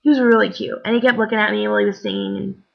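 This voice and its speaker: A tired young woman rambles through a casual vlog, peppering her talk with "like" and "um". Her voice has a gravelly fry. The recording sounds dull and lo-fi, like a cheap webcam. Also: mid-range voice, fairly even intonation, racing. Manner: chatty, rambling, lots of "like" and "um". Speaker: vlogger. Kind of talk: casual chat.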